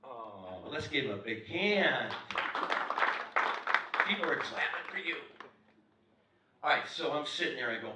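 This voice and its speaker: A man in his sixties, a motivational speaker telling a story to a live audience, acting out the dialogue and swinging from loud to hushed. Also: medium pitch, very animated, moderate pace, slight background noise. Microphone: clip-on mic. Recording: echoey hall, mic from far off.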